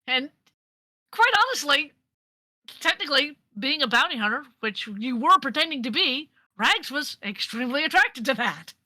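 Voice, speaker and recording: A woman narrating as game master of a tabletop game, animated and often laughing. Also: high-pitched, normal speed, no echo. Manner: animated, laughing often, with frequent fillers and restarts.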